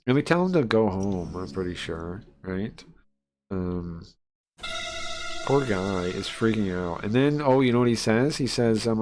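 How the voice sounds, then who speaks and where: Low-voiced man reading a game aloud. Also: lively intonation, measured pace, a little mellow, faint music behind. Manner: casual and chatty, with many fillers and asides. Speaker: streamer playing a horror visual novel. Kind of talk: live let's-play, reading game text aloud.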